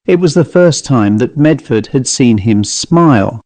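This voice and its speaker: Brief: male narrator, mid-pitched, steady and measured, dry booth sound. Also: no echo. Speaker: audiobook narrator. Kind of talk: scripted ghost story narration.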